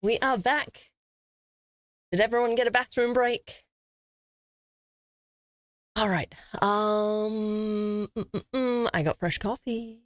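A woman streamer giving loud, excitable commentary while playing a game, swearing freely. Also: medium pitch, slow pace, pauses often, no echo. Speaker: gaming streamer. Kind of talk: live let's-play commentary.

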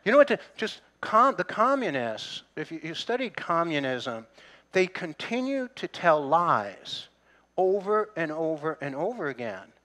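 A middle-aged male pastor delivers a sermon in a friendly, conversational way, breaking off for jokes and asides to the people in front of him. His voice sits a little high and has a bright, sharp edge. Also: sing-song, unhurried. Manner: conversational preaching with humor and asides to the congregation.

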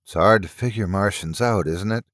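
A man's voice: on the low side, normal speed, a bit bright, no echo, clean studio sound, lightly acted. A man voicing a grave, uneasy young woman passenger in a story reading.

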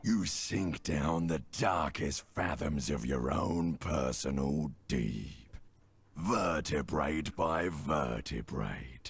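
An actor voicing an ancient, ominous inner voice in a game, with a husky, gravelly tone and slow, solemn intoning. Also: male voice, extremely low pitch, heavily acted. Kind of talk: game voice acting.

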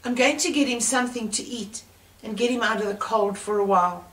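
A woman plays a gracious, well-off lady who persuades calmly and kindly. She is heard from a distance in a large, echoing room. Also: fairly high pitch, a little fast, lightly acted. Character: kind, well-off woman, gently insistent. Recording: roomy church sound from far off.

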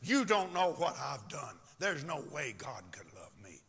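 A man preacher acting out a violent male serial killer who snarls threats and bursts into shouting. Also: a little high, sing-song, measured pace, in a large hall, pitched below the performer's own voice, exaggerated voice. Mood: menacing.

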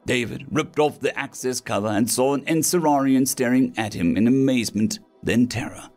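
A man narrating a science-fiction story in a dramatic, expressive reading style. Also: medium pitch. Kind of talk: scripted sci-fi story narration. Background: faint background music.

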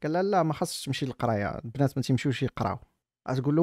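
A Moroccan-accented man rattles off reaction commentary at breakneck speed, scoffing at what he watches. His voice sits at an ordinary middle pitch and comes through close to the mic, with a dry, dead sound and no room around it. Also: animated, a little mellow, dry recording. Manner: rapid, mocking, switches between languages. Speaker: streamer reacting to a video.

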